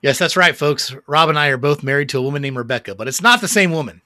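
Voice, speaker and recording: A man's voice: on the high side, expressive, fast talker, sharp tone, no room sound, clean studio sound. A man co-hosting a casual podcast chat about music, enthusiastic and rambling, with lots of fillers and restarts and some swearing. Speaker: podcast co-host.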